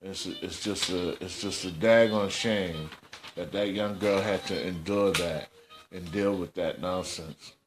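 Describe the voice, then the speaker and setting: A man's voice: deep voice, fairly even intonation, unhurried, over music. A man hosting a casual commentary podcast, scolding in slangy, repetitive talk. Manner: scolding, slangy, repeats himself. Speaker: host.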